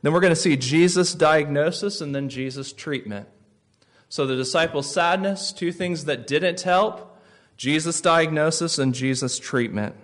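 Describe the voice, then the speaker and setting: Man preaching with dramatic, storytelling delivery. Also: on the high side. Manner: storytelling with dramatic drops to soft, slow phrases. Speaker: pastor. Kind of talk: sermon.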